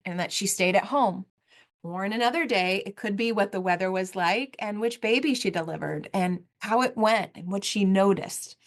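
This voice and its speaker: A woman in her forties talks through a solo podcast episode as its host. Her pitch sits in the middle for a woman, and her delivery is earnest and heartfelt. She leans on repeated phrases to drive her points home.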